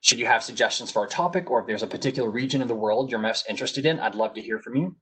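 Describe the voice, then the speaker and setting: A man's voice: medium pitch, racing, a bit bright, slightly rough, poor audio. A man with a Southern US accent hosting a webinar over a video call, reading announcements politely with frequent fillers, a little sick. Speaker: webinar host.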